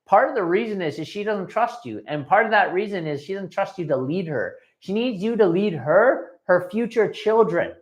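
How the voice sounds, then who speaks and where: A man's voice: high voice, animated, moderate pace, few pauses. A man giving a live dating-coach training, speaking directly and checking in often with "okay?" and "right?".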